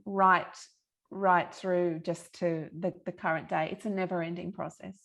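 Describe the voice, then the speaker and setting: A woman's voice: on the low side, level tone, measured pace, gravelly, a bit bright. A middle-aged woman, a guest on a podcast, telling her personal story in an earnest, emphatic way with frank swearing. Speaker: podcast guest, yoga teacher and healer. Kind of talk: candid personal storytelling in conversation.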